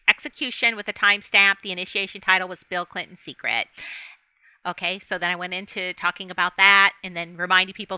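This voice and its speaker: A woman's voice: mid-range voice, sharp tone, clean tone, dry recording. A middle-aged woman vlogging in a casual, rambling monologue, talking straight to her viewers and laughing often.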